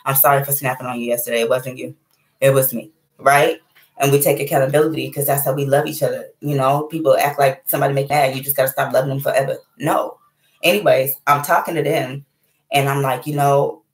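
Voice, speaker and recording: A woman in her thirties telling a personal story in a casual monologue, candid and animated, swearing freely and often checking in with "right?". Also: extremely low pitch, roomy sound.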